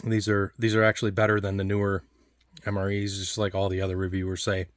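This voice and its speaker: A man's voice: low voice, monotone, no room sound. A man casually talking through a taste test of old food, rambling and restarting his sentences a lot. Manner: rambling, halting, full of restarts and fillers. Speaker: food reviewer.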